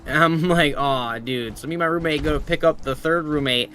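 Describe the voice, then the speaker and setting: Bright-voiced, swearing streamer guy. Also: fairly high pitch, fairly even intonation, fast talker. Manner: swears freely, rambling storytelling, reads chat aloud. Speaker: game streamer. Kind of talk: casual live-stream chat.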